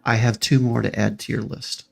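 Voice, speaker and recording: A man's voice: medium pitch, level tone, fairly quick, gravelly. A man speaking in character as a very tall, polite male adventurer who talks formally and apologetically in a tabletop game.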